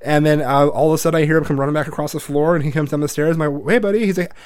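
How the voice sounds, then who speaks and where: A man's voice: fairly high pitch, little pitch movement, very fast, darkish tone, clear, resonant tone, dry recording, clean studio sound. A man in his thirties hosting a podcast, talking bluntly and profanely in casual chat, rambling with restarts. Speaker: podcast host.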